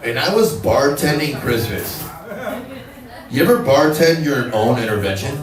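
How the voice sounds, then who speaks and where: A man hosting a comedy show, introducing comics in a loose, profane way and telling a quick joke of his own. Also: medium pitch, lively intonation, reverberant, far from the mic, a crowd in the background. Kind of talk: emceeing and stand-up. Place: comedy club stage. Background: audience.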